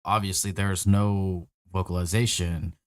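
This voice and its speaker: A man's voice: sits low, level tone, measured pace, a crowd in the background. A man narrating a tabletop game as game master, often laughing between lines.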